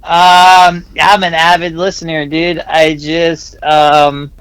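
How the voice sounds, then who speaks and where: A man's voice: a little high, flat delivery, slow pace, fairly bright tone, clean tone, dry recording, rough recording. A man chatting as a stand-in co-host in a laid-back, slangy way. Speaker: guest co-host, host's brother. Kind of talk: casual comedic chat.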